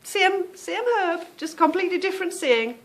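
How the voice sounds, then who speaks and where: A woman's voice: very high-pitched, expressive, normal speed. Chatty British woman podcaster. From England. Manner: chatty and meandering, trailing off. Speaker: podcast host. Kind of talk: casual chat.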